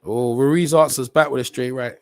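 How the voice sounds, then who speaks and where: A man's voice: mid-range voice, normal speed, no echo. A man giving casual, slang-heavy live commentary on a boxing match as a stream host. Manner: slangy, chatty, rising to excited shouts on big punches.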